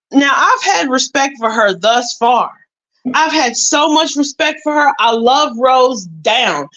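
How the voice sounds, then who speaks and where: Woman YouTube commentator, casual storyteller, slightly high voice, emphatic and repetitive. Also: a bit bright, rough recording. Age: adult with a son.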